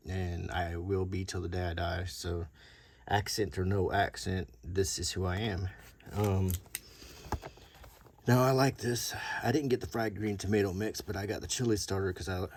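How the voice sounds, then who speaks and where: Deep soft-spoken Southern man. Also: fairly even intonation. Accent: faint Southern US. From Alabama, USA. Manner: soft-spoken, unhurried, with many ums and uhs. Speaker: show-and-tell host. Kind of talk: soft-spoken unintentional ASMR show and tell.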